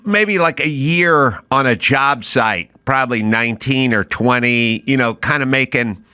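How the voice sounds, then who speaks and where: A man's voice: mid-range voice, measured pace, bright, forceful tone, smooth, no echo. A man hosting a podcast, telling stories in a dry, offhand way. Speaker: podcast host. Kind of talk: casual podcast conversation.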